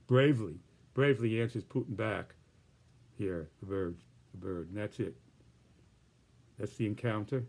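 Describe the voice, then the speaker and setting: A man's voice: lowish voice, unhurried, long pauses, a little mellow. A man presenting his political cartoons in casual, rambling commentary with many restarts and hedges.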